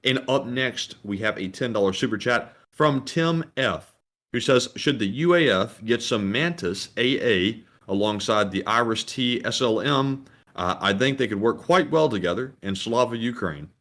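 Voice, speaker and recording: Give me a man co-hosting a casual livestream who reads viewer donation messages. His voice sits at a middle pitch, and his delivery is easygoing and plain. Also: animated, moderate pace, a bit bright. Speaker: co-host reading donation messages.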